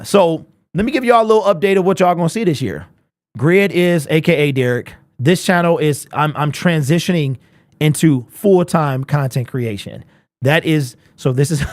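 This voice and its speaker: A young man hosting a casual sports fan live stream, animated and chatty, answering viewers in chat. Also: on the high side, no room sound, clean studio sound. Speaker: host of a fan livestream.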